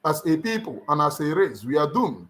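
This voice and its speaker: This livestream host is a middle-aged Nigerian man with a Nigerian accent, and his impassioned address takes on a preacher's emphasis as he repeats lines for weight. His voice is on the high side and fairly bright, moving in a sing-song rhythm at a moderate pace.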